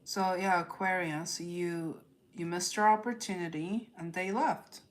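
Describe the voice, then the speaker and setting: A woman reads tarot on a live stream in a slow, unhurried way, her voice sitting a little low for a woman. She speaks straight to her viewers, often says things twice and closes her points with a quick "okay?". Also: fairly even intonation. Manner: addresses viewers directly, repeats phrases, ends points with "okay?". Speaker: tarot reader.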